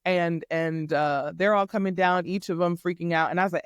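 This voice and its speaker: A woman guest on a podcast, a life coach, telling a faith testimony in an animated, emphatic way and acting out the dialogue. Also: on the low side, moderate pace, smooth, no echo, studio quality. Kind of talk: faith testimony storytelling in casual chat.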